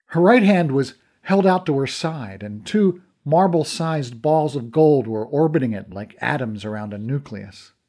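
Expressive male audiobook narrator. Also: a little high. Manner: expressive, voices characters. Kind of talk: scripted first-person narration.

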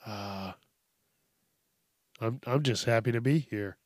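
With a mid-range voice and no room sound, a thirtysomething man hosts a podcast alone from a small home studio using a studio mic. His delivery is rambling and profane, full of fillers and restarts.

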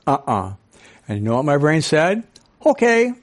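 Older male speaker, sixties, animated, audience questions, storytelling. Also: a little high, normal speed. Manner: storytelling with acted-out quotes. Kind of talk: talk to a live audience.

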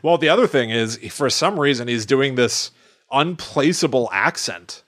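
A podcast co-host chats casually, thinking aloud and restarting frequently. His voice is medium-pitched, animated, and a bit bright, at a moderate pace.

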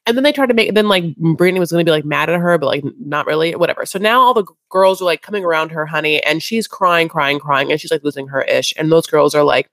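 A woman's voice: sits low, fast, hardly any pauses, a bit bright, no echo, clean studio sound. A woman co-hosting a podcast, recapping a reality show in an offhand, rambling, dismissive way. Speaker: podcast co-host. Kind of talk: casual recap chat.

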